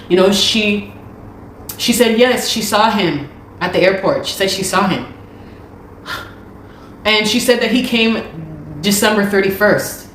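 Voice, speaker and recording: A woman's voice: mid-range voice, measured pace, pauses often, fairly bright tone. Urgent woman pleading for help in an echoey room. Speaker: musician and video host. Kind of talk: personal appeal to viewers. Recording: echoey room with faint noise.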